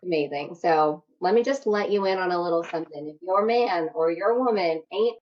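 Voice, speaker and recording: A young woman coaching on self-love in a casual, energetic workshop talk, swearing freely. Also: fairly low pitch, normal speed, dull audio. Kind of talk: workshop talk to an online audience.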